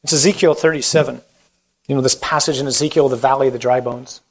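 A man's voice: mid-range voice, fast, rough recording. A Catholic priest giving a conversational talk on evangelization and leading a closing prayer, acting out quotes as he goes. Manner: animated, conversational preaching with acted-out quotes.

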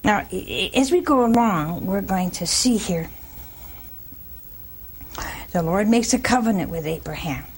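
A woman preacher giving a folksy, animated sermon, throwing rhetorical questions at her listeners. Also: mid-range voice, unhurried, pauses often, a little hiss or hum.

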